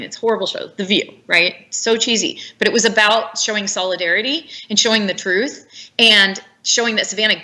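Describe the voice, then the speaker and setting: Bright-voiced indignant woman. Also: mid-range voice. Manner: blunt, indignant, rambling storyteller. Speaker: interview guest. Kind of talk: emotional personal account.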